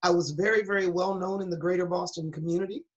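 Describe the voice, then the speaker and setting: A woman's voice: on the low side, steady tone, quick pace. Earnest middle-aged woman, dull lo-fi sound. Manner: candid, earnest storytelling with a preacher's emphasis. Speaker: pastor and guest. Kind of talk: personal testimony in an interview. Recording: dull lo-fi recording.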